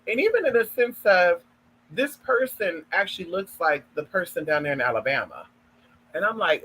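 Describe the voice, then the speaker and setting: A man's voice: sits high, very animated, moderate pace, sharp tone, slight background noise, poor audio. A man in a sassy, flamboyant, profane casual gossip vlog, calling listeners honey and girl. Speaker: spiritual content creator.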